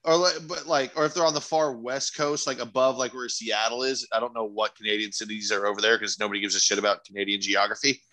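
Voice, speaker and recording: Bright-voiced joking male podcast co-host. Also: medium pitch, level tone, quick pace, hardly any pauses, low-quality recording. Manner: joking, rambling, swears casually. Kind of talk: casual podcast chat.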